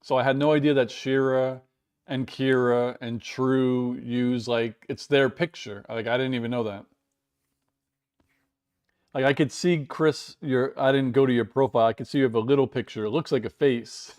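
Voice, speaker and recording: A man's voice: mid-range voice, fairly even intonation, normal speed, a little mellow, clean tone. An American man hosting a casual live stream, chatting and rambling in a self-deprecating way while reading viewer comments, recorded indoors at home. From United States.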